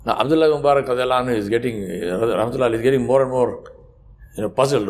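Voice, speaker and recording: A man's voice: mid-range voice, fast, a little mellow. A male preacher telling a story in a sermon, speaking conversationally and putting questions to his listeners. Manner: conversational, asks the audience questions.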